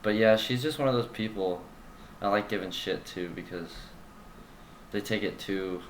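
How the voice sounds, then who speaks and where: A man's voice: lowish voice, normal speed. A young man in casual podcast chat, telling stories in a loose, rambling way with lots of fillers and swearing. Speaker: podcast co-host. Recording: echoey room, faint room noise.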